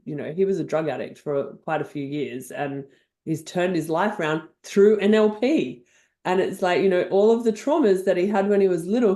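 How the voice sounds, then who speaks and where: An older woman with an Australian accent, a guest on a podcast interview, telling stories in an effusive, animated way. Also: lowish voice. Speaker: guest NLP trainer.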